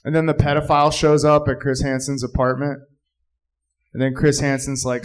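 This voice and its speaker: A man performing a stand-up comedy set, rambling and jumping into shouted character voices. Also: medium pitch, level tone, normal speed, poor audio. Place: live comedy club.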